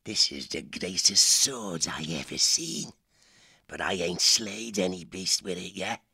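A boastful, bullying fox pirate captain from a storybook reading, his voice gravelly and raspy yet bright and cutting. He talks in rough sea-raider slang, sliding all over his range as he sneers and threatens, close and dry to the mic. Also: deep voice, animated, unhurried, dry recording, full character voice. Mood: menacing. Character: swaggering cruel male fox pirate captain. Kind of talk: audiobook character voice.

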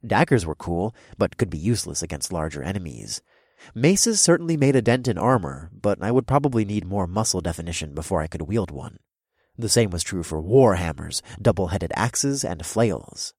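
A man narrates a first-person fantasy audiobook with wry, expressive delivery. His voice is deep and husky, and his pitch rises and falls freely. The recording is close and completely dry. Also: normal speed, no echo.

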